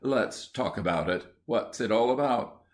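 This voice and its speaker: A man's voice: medium pitch, animated, a little slow, lightly acted. A man voicing a weary but kindly middle-aged politician, speaking soothingly.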